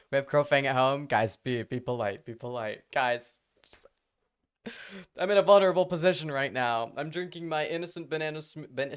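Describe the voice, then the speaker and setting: A live streamer talking casually to their audience at a middle pitch. The talk rambles, breaks into laughter often and drops curse words freely.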